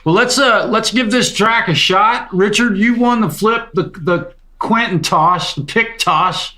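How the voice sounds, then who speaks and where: Male jam host, casual and joking, guitar playing clearly behind him. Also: high-pitched, unhurried, sharp tone. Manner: joking, laughs often, swears casually. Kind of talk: casual chat. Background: guitar music.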